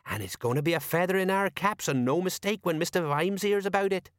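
Man playing a pompous know-it-all sergeant, raised pitch, blustering, dry sound. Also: fairly quick, clean tone, no room sound, close to an everyday voice. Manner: self-important, blustering.

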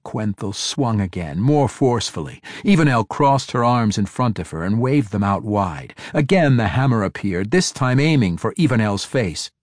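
Deep-voiced man reading fantasy dramatically. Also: dry recording, studio quality. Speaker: audiobook narrator. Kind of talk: scripted fantasy narration.

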